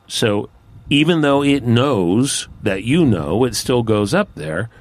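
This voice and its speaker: A man telling a folk tale in a relaxed, conversational, folksy way. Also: lowish voice, takes it slowly. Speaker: storyteller. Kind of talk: folksy spoken storytelling.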